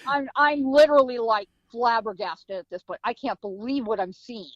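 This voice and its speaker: A woman with a high voice tells a story in a guest interview, acting out sounds and voices. The recording is dry and a bit dull. Her telling is lively and full of drama. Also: normal speed, no room sound. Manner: vivid storytelling with sound effects and acted quotes. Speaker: guest, psychic medium and author.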